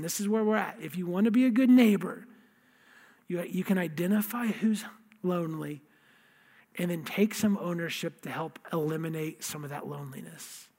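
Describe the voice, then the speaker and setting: A man's voice: high voice, darkish tone. A man preaching a sermon as pastor, earnest, often repeating words as he starts a thought. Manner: earnest, reads scripture slowly with feeling, repeats words. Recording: long hall reverb.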